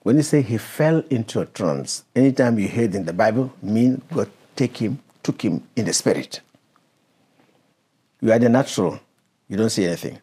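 A man's voice: fairly low pitch, expressive, normal speed, mellow, husky. A man preaching and teaching a Bible passage, stopping the reader to explain verses and question her.

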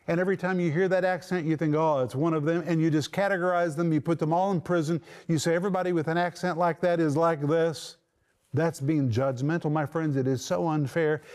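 Earnest male preacher, slightly higher voice. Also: darkish tone. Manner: earnest, emphatic, repeats key phrases. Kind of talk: sermon.

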